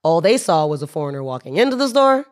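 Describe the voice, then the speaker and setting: Woman, deep voice, animated storytelling, laughs a lot. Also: fast. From United States. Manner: animated, laughing, many fillers and restarts. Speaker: podcast guest. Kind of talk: casual storytelling.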